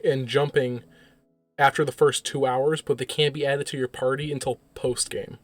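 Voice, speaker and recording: A man's voice: mid-range voice, level tone, normal speed, faint music behind. A man co-hosting a podcast in a casual chat, explaining things in an informative way and hesitating with ums. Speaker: podcast co-host.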